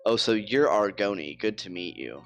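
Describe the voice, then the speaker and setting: A man's voice: fairly low pitch, lively intonation, normal speed, a bit bright, faint music behind. A man voicing a friendly young male tool-shop worker in a farming game, breezy and upbeat.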